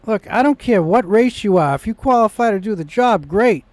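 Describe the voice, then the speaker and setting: A man's voice: high voice, lively intonation, moderate pace, a little mellow, no room sound. A man telling a personal story in a rambling vlog monologue, with restarts, growing indignant in places. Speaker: vlogger.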